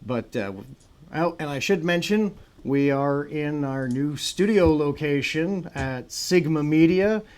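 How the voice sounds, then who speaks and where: A man's voice: on the high side, takes it slowly, darkish tone, clean tone. Chatty male podcast host. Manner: chatty, with filler words and self-aware joking. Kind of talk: live-streamed podcast chat. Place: new studio with a green screen.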